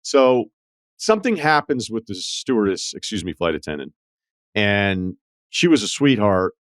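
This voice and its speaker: A man's voice: fairly low pitch, very animated, moderate pace, fairly bright tone, no room sound, studio quality. A man hosting a podcast, telling stories in a wry, profane, casual way. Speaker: podcast host. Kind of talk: casual chat.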